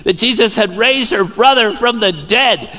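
A man, a pastor giving a sermon in a playful, joking storytelling way with sudden loud exclamations. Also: high voice, moderate pace. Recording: church hall reverb.

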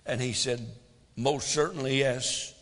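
A man preaching a sermon, swinging between loud emphasis and hushed asides. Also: medium pitch, steady tone, measured pace, long reverb tail. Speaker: pastor.

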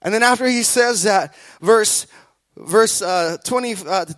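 A man preaching a sermon, emphatic and repetitive, building to loud calls and acting out the voices of people in his stories. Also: high-pitched, a little slow, no echo. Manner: acts out quoted voices in the telling.

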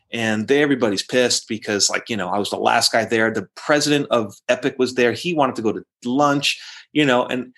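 Profane, animated rock guitarist telling stories. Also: male voice, medium pitch. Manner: animated, profane, acts out quotes in raised voice. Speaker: interview guest, rock guitarist. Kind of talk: casual storytelling interview.

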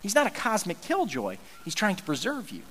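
A man's voice: high-pitched, wildly swooping pitch, brisk, fairly bright tone, big-room sound. A male pastor giving an earnest, conversational sermon, often restarting his sentences.

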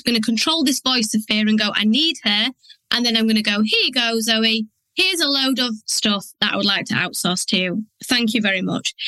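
Bright, chatty woman. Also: fairly high pitch, no room sound, poor audio. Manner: chatty, frank, acts out her inner voice. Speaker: podcast host. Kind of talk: candid solo podcast talk.

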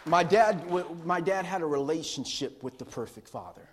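Brief: middle-aged male pastor, high voice, lively sermon storyteller who laughs. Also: moderate pace, some chatter behind, slight background noise. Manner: animated, laughing storyteller acting out quotes.

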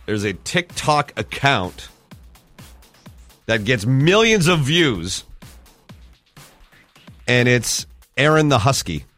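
Man, radio host, casual banter, animated, jokey, faint music behind. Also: mid-range voice, slow pace, long pauses. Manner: animated, playful, jokes around. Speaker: radio morning show host.

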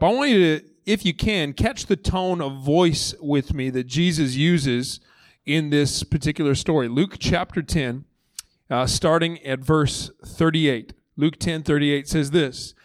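A lead pastor in his thirties, with a voice on the high side, preaches a conversational sermon from a church stage. He's animated and acts out the voices of the story, and the recording is dry.

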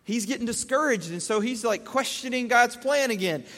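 A man's voice: extremely high pitch, expressive, normal speed, pushed and bright, big-room sound. A man giving a conversational Bible teaching, casual, asking rhetorical questions and restating verses in plain words.

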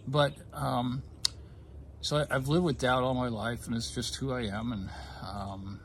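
A man of ordinary pitch recounts a personal story in an easy conversational way, pausing and restarting often. His voice carries real emotion, and a faint hiss sits under the recording. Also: flat delivery. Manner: halting, with many fillers and restarts; emotional, gets choked up. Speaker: guest telling his story. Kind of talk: casual conversation.

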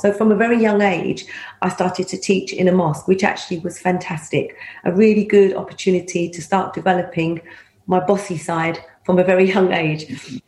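A middle-aged woman, a former police officer telling stories in an interview. She talks in a lively way, laughs often and acts out the voices of people she quotes. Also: fairly low pitch, moderate pace. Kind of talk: anecdotal storytelling. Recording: roomy echo.

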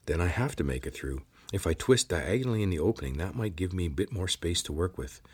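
A man's voice: low voice, animated, fast, a little mellow, slightly rough. A man doing a determined young explorer. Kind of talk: audiobook character voice.

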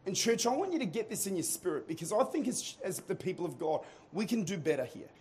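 A male pastor delivers a sermon in a church. His voice sits fairly high for a man. He moves from calm, hushed passages to booming, shouted exhortation. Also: fast talker, a little hiss or hum. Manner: builds from quiet teaching to shouted preaching. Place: church auditorium.

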